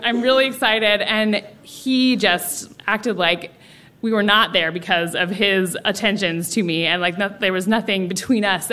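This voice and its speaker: A young woman telling a personal story on stage at a live story slam, animated and laughing, acting out voices. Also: medium pitch. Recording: live audience faintly heard.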